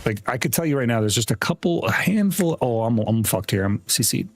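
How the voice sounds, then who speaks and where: A man's voice: mid-range voice, lively intonation, brisk, slight background noise. A man streaming a game, chatting casually with a friend while he plays, laughing often and swearing casually. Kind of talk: casual gaming chat.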